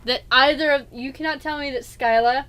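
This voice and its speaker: A woman's voice: high-pitched, steady tone, brisk, sharp tone, clean tone. A woman hosting a let's play in casual chat, arguing emphatically and rambling through restarts.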